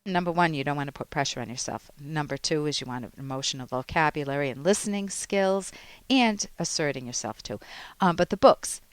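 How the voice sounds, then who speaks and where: A woman psychologist hosting an advice radio show, explaining in a calm, instructive way. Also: deep voice, brisk, no echo.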